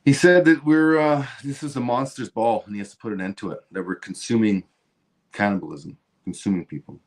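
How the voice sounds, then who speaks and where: A man's voice: fairly low pitch, brisk. A man hosting a stream, ranting about politics in a heated, profane way with lots of restarts. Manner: heated, swearing, repeats and restarts. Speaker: show host.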